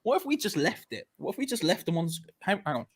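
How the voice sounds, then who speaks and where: Casting note: playful lad, fairly high voice, hosting a noisy live stream. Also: male voice, sing-song, fast. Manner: joking, playful, talks over others. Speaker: watch-along host. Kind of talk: casual chat.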